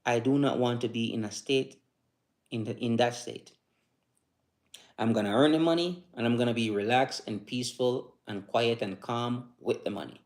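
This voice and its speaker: A man with a medium-pitched voice talks loosely to his live-stream audience about staying calm. His speech rambles and circles back, with stumbles and repeated words. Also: normal speed. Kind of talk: casual motivational talk.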